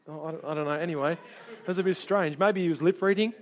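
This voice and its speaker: A middle-aged man preaching a sermon, telling personal stories in an animated way and briefly doing voices for the people in them. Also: a little high. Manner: animated storyteller, doing quick voices for people in his anecdotes.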